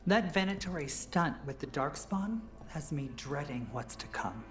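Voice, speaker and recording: A worried game townswoman, very low voice, faint music. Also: expressive, moderate pace.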